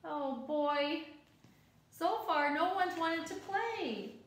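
A woman reading a children's picture book aloud, gently expressive and asking her young listeners questions along the way. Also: extremely high pitch, very slow. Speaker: children's story reader. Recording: echoey room.

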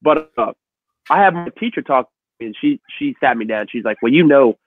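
A man hosting a casual conversation, telling animated stories and acting out the voices of the people in them. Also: mid-range voice, brisk, dry recording. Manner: animated storyteller, acts out voices in quotes. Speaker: host. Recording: dry, phone-like audio.

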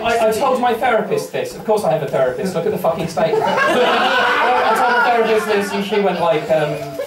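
A high-voiced English man doing a brash, self-mocking stand-up set with plenty of swearing. He sounds roomy and a little distant from the mic, and an audience laughs loudly behind him. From England. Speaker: stand-up comedian. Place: small pub comedy room with a live audience.

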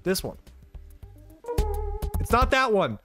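A young streamer talks through a game with his desk mic, reacting loudly and cursing as things go wrong. His pitch leaps up and down constantly, from low grumbles to high yelps. Soft game music plays in the background. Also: slow. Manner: excitable, swears, shouts and laughs at the game. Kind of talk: live game commentary.

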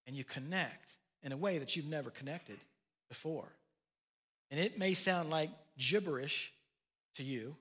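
A man's voice: on the high side, bright, forceful tone, breathy edge. An older man preaching a sermon as pastor, telling folksy family stories with asides. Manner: folksy storytelling with laughs and asides.

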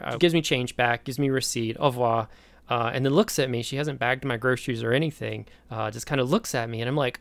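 An American man giving a recorded lecture, telling a story from his own life in an animated way. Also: medium pitch, normal speed, dry recording. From United States. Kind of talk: recorded lecture with a personal anecdote.

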